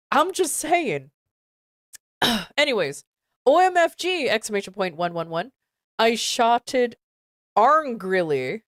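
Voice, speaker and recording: Exasperated woman reading aloud, lively pitch. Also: no echo, studio quality. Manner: stumbles over misspelled words, exasperated asides. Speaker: streamer. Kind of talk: reading a fan fiction aloud with commentary.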